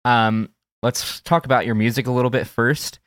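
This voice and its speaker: A man's voice: medium pitch, little pitch movement, moderate pace, fairly bright tone, clear, resonant tone, no echo, clean studio sound. A man hosting a podcast, asking a band about its music with hesitant, filler-laden questions. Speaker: podcast host. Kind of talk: interview questions.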